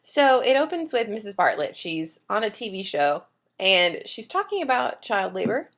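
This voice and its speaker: A woman's voice: medium pitch, very animated, normal speed, a bit bright. A woman co-hosting a podcast in easy, casual chat. She recaps the plot with a playful, jokey touch, speaking into a studio mic. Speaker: podcast co-host.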